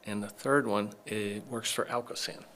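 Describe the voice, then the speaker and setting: A man's voice: lowish voice, steady tone, normal speed, a bit bright, slight background noise. A middle-aged man, a chiropractor, telling his story as a podcast guest, acting out the dialogue of people he quotes. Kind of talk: casual storytelling interview.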